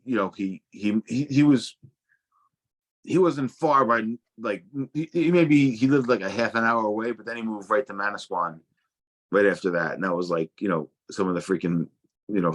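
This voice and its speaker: A young adult man telling casual stories as a guest, swearing freely and stumbling through restarts. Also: lowish voice. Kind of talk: casual storytelling.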